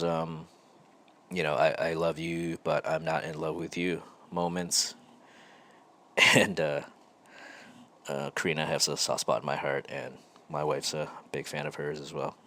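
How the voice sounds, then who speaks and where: Guy with a really low voice, podcast host telling his own story, halting and thoughtful. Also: a bit bright. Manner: slow, halting and reflective, with frequent pauses and restarts. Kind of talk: candid personal storytelling.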